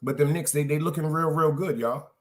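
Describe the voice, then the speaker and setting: A man's voice: fairly high pitch, fairly quick. A middle-aged man, hosting a podcast in loose, streetwise solo chat, repeating phrases for emphasis. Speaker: podcast host. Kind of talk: casual solo livestream chat.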